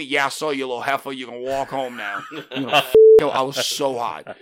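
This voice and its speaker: Animated storyteller man, dry close sound. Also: medium pitch, fast talker, no room sound. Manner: animated, acts out dialogue in quoted voices. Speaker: wrestling trainer, guest. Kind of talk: casual storytelling.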